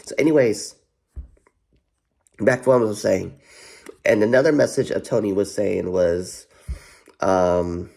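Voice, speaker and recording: Rambling male vlogger, low and gravelly, swears freely, loops on fillers. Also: a little mellow. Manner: rambling, heavy filler "you know what", profane, repeats himself. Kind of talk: casual rambling commentary.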